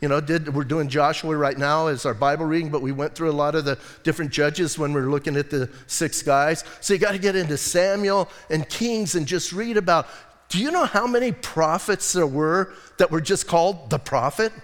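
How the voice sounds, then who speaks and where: A man's voice: a little high, normal speed. A man preaching a casual, humorous sermon as a pastor in a church, often asking the congregation questions. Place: church sanctuary. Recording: long reverb of a church hall.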